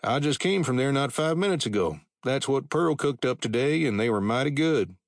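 A man doing a squeaky, nervous young deputy. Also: lively intonation, moderate pace, no room sound, studio quality, natural voice. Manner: squeaky, flustered.

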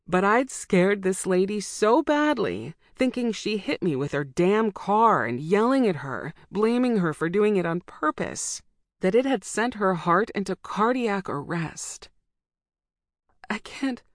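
A woman narrates a first-person audiobook with intensity and emotion. Her voice is low. The recording is dry and close. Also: no room sound.

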